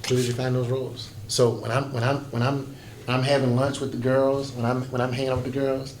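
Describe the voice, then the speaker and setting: A pastor in his fifties gives a folksy workshop talk in a conference breakout room, telling stories and acting out the voices he quotes. His medium-pitched voice is level, a little mellow, and fairly quick. The room is echoey, with faint background noise.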